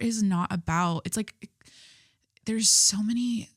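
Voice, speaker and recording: A woman's voice: medium pitch, slow pace, no room sound, studio quality. A young woman hosting a podcast in casual chat, rambling with lots of "like" and swearing, laughing at herself. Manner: rambling, heavy use of "like", swearing, self-mocking. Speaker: podcast host.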